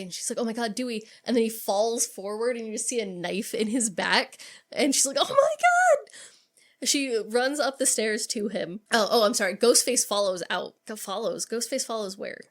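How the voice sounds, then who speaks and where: A woman co-hosts a podcast and recaps a slasher film in casual chat. She swears freely and slips into quick acted-out lines from the characters. Her voice sits at an ordinary middle pitch for a woman. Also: steady tone. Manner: retells scenes with acted-out quotes, swears freely. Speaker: podcast co-host.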